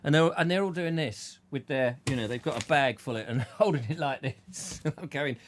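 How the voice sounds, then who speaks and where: A man's voice: on the high side, brisk, a little hiss or hum. A man hosting a casual chat show, joking and rambling through anecdotes. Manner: chatty, jokey, rambling anecdotes with put-on voices. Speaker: host.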